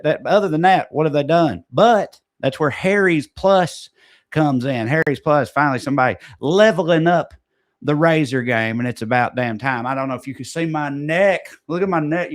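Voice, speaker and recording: A man's voice: on the high side, lively intonation, normal speed. A man co-hosting a podcast, reading sponsor ads in a casual way with joking, off-the-cuff asides. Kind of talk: casual ad read.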